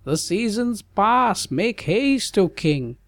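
A man's voice: high-pitched, big pitch swings, slow, no room sound, pitched above the performer's own voice, exaggerated voice. A man voicing an old, grey-haired wise male sage in an audiobook ballad, declaiming with urgency. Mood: wondering.

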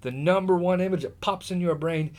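A man's voice: high-pitched, a little fast, darkish tone. A man chatting on a podcast, ranting bluntly and with strong opinions. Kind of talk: casual chat.

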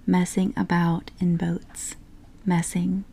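A woman's voice: lowish voice, steady tone, moderate pace, mellow. A woman voicing a cheerful, boat-loving male water rat in a whispered role-play from a storybook, hearty and dreamy. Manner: hearty, confident, dreamy about boats.

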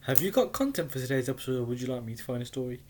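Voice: mid-range voice, animated, very fast, a little mellow, slight background noise. A podcast co-host in casual chat, teasing and laughing often.

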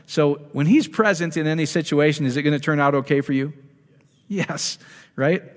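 A man speaking as a ministry leader, teaching a live group in a casual, conversational way and checking in with the audience through questions. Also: a little high. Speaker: ministry speaker leading prayer. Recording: long reverb of a hall.

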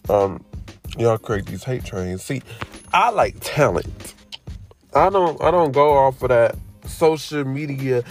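A man hosting a casual podcast monologue, animated and preachy, firing off rhetorical questions in slangy talk and drifting into tangents. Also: medium pitch, takes it slowly, faint music behind. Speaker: podcast host.

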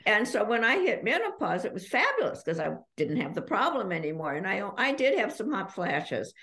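A middle-aged woman, an author guest on a podcast, chatting and reading passages from her book in an animated, storytelling way. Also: mid-range voice, brisk. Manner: animated storyteller who reads passages aloud. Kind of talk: podcast conversation.

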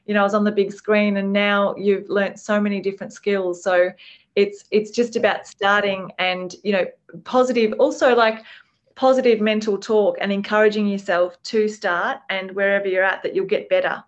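A woman's voice: medium pitch, flat delivery, normal speed, dull audio. A woman hosting a podcast interview, encouraging and enthusiastic. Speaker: podcast host.

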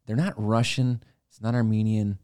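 A man's voice: lowish voice, fairly even intonation, normal speed, mellow. A man co-hosting a casual podcast chat, swearing freely and telling stories in a loose, rambling way. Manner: swears freely, tells stories with mimicked voices. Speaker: podcast co-host.

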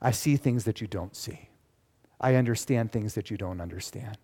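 A man's voice: on the low side, moderate pace, dark tone, slightly rough. A male pastor voicing God as a firm, commanding questioner. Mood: firm questioning. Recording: long church reverb.

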